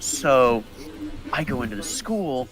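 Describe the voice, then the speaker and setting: A young man, a podcast co-host, telling a story in casual chat and acting out the quotes with big jumps in pitch. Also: very animated, takes it slowly, a bit bright, poor audio.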